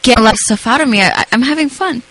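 A woman's voice: a little high, expressive, racing, fairly bright tone, dry recording. A woman from southern California, a guest in a casual chat, giggly and candid.

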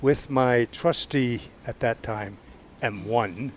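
A man's voice: medium pitch, takes it slowly, slight background noise. An older man with a Southern US accent, rambling through a story as a podcast guest, with stammering restarts. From Georgia, US. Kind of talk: casual storytelling.

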